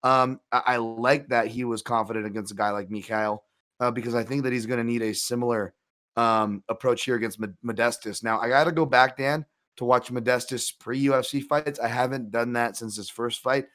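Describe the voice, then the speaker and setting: A man co-hosts a fight betting show in relaxed, rambling chat. He circles back on his points, restarts sentences and drops asides as he goes. His voice sits at an ordinary middle pitch. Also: a little fast. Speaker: co-host, MMA analyst. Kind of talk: casual betting analysis chat.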